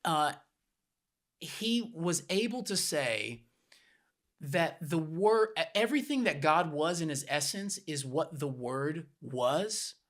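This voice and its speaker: Guy on a podcast walking through it slow and patient, uses easy examples, kinda teacher-y. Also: fairly high pitch, expressive, fairly bright tone. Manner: patient, explains with plain everyday examples. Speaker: podcast co-host.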